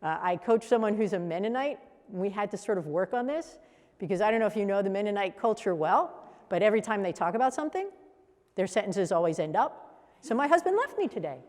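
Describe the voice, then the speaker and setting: A woman leading a coaching workshop for a live group, animated and acting out example voices as she teaches. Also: mid-range voice, brisk. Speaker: coach trainer. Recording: echoey hall reverb.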